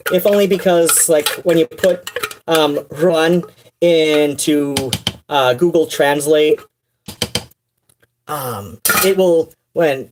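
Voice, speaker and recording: A woman with a fairly low voice talks casually on a livestream, wandering through her thoughts. She fills gaps with ums and restarts, dropping wry asides as she goes. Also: noisy background. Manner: rambling, many fillers and restarts, wry asides. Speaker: streamer.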